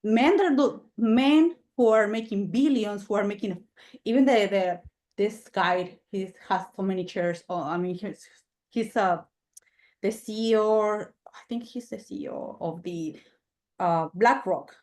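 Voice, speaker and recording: A woman hosting a podcast interview, talking in a heated, animated way and swearing freely. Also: medium pitch, a little slow. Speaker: podcast host. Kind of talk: casual interview chat.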